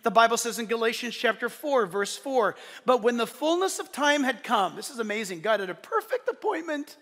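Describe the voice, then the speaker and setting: High, bright-voiced preaching man. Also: fairly quick, in a large hall. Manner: animated, swings between loud declarations and soft asides; playful, joking asides to the congregation. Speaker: pastor. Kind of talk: sermon. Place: church service.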